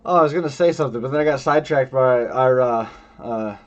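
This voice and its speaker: A man's voice: mid-range voice, fast talker, lo-fi sound. Laid-back man hosting a chat show. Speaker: host. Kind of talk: casual chat.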